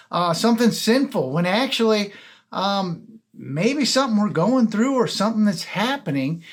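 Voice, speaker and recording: A man from a ministry giving an informal devotional talk, casual and full of fillers and restarts. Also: a little high. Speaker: ministry chaplain.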